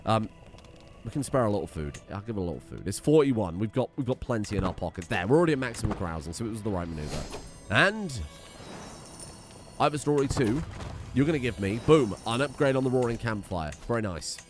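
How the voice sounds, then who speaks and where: A young man gives casual, excitable commentary over his gameplay, thinking aloud and swearing freely. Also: on the low side, quick pace, soft background music. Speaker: let's play host.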